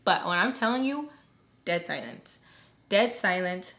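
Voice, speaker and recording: A woman's voice: lowish voice, lively intonation, unhurried, a bit bright. Chatty young woman telling a story. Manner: chatty, heavy use of "like", acts out quoted lines. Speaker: storytime vlogger. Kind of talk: casual storytelling while doing makeup.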